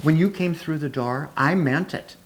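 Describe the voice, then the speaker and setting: A woman's voice: deep voice, moderate pace. A woman hosting a casual interview, gushing and affectionate, calling her guest honey. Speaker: talk show host.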